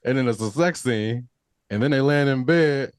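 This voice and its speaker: A man's voice: mid-range voice, a little slow, clear, resonant tone, no room sound, studio quality. A man co-hosting a review podcast, talking casually and laid-back, swearing and acting out scenes as he retells them. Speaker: podcast co-host.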